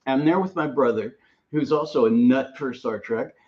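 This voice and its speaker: A man's voice: mid-range voice, moderate pace, a little mellow, muffled recording. A man co-hosting a casual chat, rambling through stories and laughing often. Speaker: co-host.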